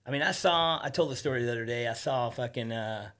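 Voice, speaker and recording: Talking fast in a mid-range, fairly bright voice, a man appears as a relaxed podcast guest in a studio. He's a loose storyteller who swears without restraint and dramatizes the quotes.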